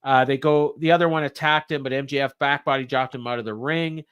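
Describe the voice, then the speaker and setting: A man's voice: mid-range voice, steady tone, fast, fairly bright tone, clear, resonant tone, highs cut off. A man co-hosting a podcast, recapping a show in a rambling way with many fillers. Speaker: podcast co-host. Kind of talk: casual wrestling recap.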